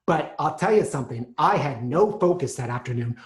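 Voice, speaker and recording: A man performing an autobiographical solo monologue, animated, with lively pitch swings as he acts out scenes. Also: fast, few pauses, reverberant.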